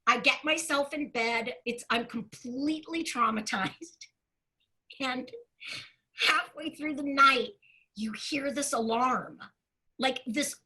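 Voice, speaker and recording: A Broadway performer telling an animated story with a lot of expression, acting out the voices of the people in it. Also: female voice, sits high, takes it slowly, poor audio. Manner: expressive storyteller who acts out quoted voices, often laughing.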